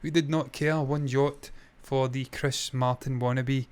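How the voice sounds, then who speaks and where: A man's voice: mid-range voice, steady tone, unhurried, darkish tone, clean tone. A man co-hosting a casual TV reaction chat, blunt, opinionated and swearing freely. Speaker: co-host.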